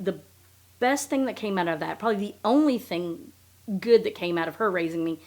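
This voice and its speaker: A woman hosting a podcast, recapping in a blunt, profane, sarcastic casual chat. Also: on the low side. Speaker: podcast host.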